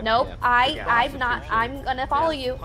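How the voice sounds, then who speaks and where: A woman's voice: sits high, steady tone, normal speed, music in the background. A woman roleplaying in a game, playful and teasing in her tone.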